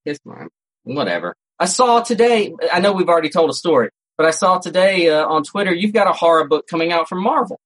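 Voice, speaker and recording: A man co-hosts a casual podcast, rambling through stories and often starting over, his fairly high voice sing-song, brisk and a bit bright. The recording is rough, made on a home setup with a cat nearby.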